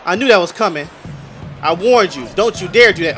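Young guy hyped narrating his basketball game, voice jumps around a lot, kinda high. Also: a little fast, faint music behind. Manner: excitable, talks to his players. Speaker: gaming YouTuber. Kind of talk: live gameplay commentary.

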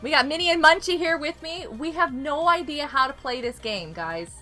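A woman's voice: high-pitched, expressive, normal speed, bright, forceful tone, soft background music. A young woman live-streaming a game, chatting casually and giggling often as she greets viewers.

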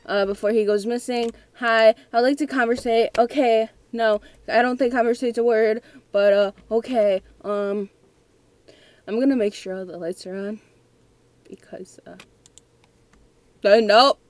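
Nervous giggly young woman playing a horror game, slightly high voice, talks slow. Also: steady tone, a little mellow, dry recording. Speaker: gamer. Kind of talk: let's play commentary.

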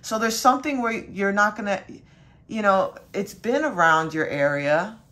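At a moderate pace and with a slightly bright voice, a young woman who works as a spiritual reader tells a casual, rambling story. It is packed with fillers and mild cursing, and she quotes her dad in a higher voice.

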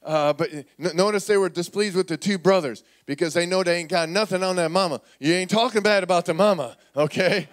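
A man pastor preaching a sermon in a church, animated and calling on the congregation to repeat words back. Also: high voice, brisk, few pauses. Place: church sanctuary.

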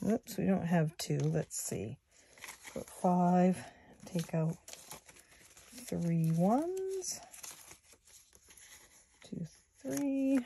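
This savings vlogger, in her sixties, has a lowish voice with vocal fry and is very animated, though still soft-spoken and unhurried as she does savings challenges at home and chats to her "guys." A phone or camera close on a table records it, with a little hiss or hum.

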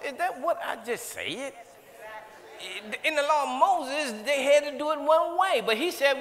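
A man's voice: very high-pitched, expressive, unhurried, fairly bright tone. A man preaching a sermon as pastor, hollering with fervent energy in a church. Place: church sanctuary. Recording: long reverb of a church hall.

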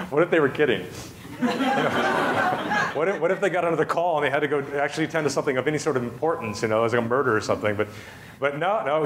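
A man's voice: mid-range voice, a little hiss or hum. A man giving a humorous storytelling talk on a festival stage, chatty and self-amused, with many asides and restarts. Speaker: festival speaker.

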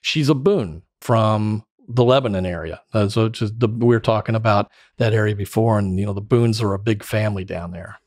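A middle-aged former sales director, a podcast guest, tells stories animatedly and laughs often in a casual storytelling interview. His voice is on the low side, at a moderate pace with few pauses, recorded with clean studio sound and no room sound.

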